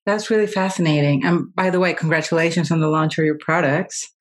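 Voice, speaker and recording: A woman's voice: low voice, steady tone, brisk. A woman hosting a podcast, asking questions with some hesitation and restarts. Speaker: podcast host. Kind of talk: interview questions.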